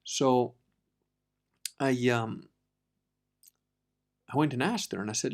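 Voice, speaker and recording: A man from Italy hosting a podcast, telling a personal story in a casual, profane, animated way that moves between quiet asides and loud bursts. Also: mid-range voice, unhurried, gravelly, pauses often. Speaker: podcast host.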